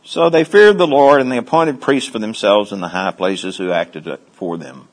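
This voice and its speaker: A middle-aged man leads a Bible study at a normal speed, shifting from quiet asides into high, excited storytelling.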